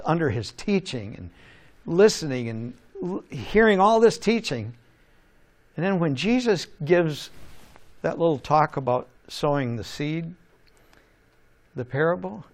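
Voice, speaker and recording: A man preaching a sermon in an animated way, asking rhetorical questions and chuckling now and then. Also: fairly high pitch.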